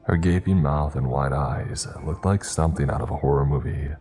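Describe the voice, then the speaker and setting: A man narrating a first-person horror story in a slow, measured, grim way. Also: extremely low pitch, dark tone, soft background music.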